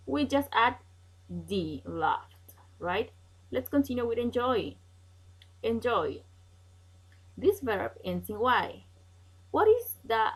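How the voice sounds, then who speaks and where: A woman's voice: fairly high pitch, breathy edge, rough recording. A woman teaching an English grammar lesson online, patient and repetitive, checking in with "okay?" often.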